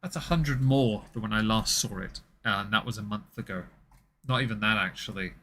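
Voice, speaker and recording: Bright-voiced man making sardonic stream commentary. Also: on the low side, moderate pace, slight background noise. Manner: sardonic, wry asides. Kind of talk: live commentary on video clips.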